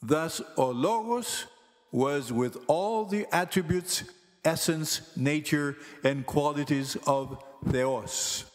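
A man teaching Greek grammar in slow, careful scripted narration, pronouncing each word deliberately. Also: a little high. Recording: long hall reverb with faint music.

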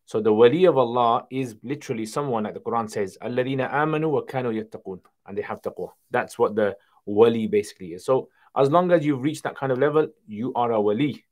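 A man hosting a casual livestream Q&A, reading viewer questions aloud and answering them in a relaxed conversational way. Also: mid-range voice, rapid-fire, few pauses. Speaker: Islamic Q&A livestream host.

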